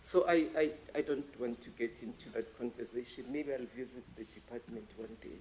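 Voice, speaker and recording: Mellow-voiced man, frank professor. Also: mid-range voice, normal speed, slight background noise, rough recording. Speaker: panelist professor. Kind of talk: panel remarks. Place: large lecture hall.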